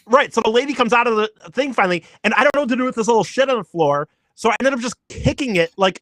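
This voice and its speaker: A man casually telling a story on a podcast, swearing a lot and animated. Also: very high-pitched, fast talker, no room sound. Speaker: podcast co-host.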